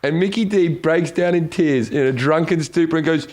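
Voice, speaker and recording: A man's voice: fairly high pitch, normal speed, a little mellow. A man hosting a comedy podcast, telling crude stories in a loose, rambling way. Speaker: podcast host. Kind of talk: casual comedy podcast chat.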